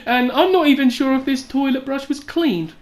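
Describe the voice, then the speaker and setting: Young woman, higher-pitched, sweary comic storyteller who acts out quotes loudly. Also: moderate pace. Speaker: vlogger.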